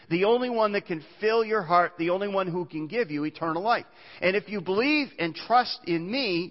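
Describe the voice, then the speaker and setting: Man preaching in a reverberant church. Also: sits high. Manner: earnest preaching, reads scripture aloud, small restarts. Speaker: pastor. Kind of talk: sermon. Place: church sanctuary. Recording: muffled church recording with long reverb.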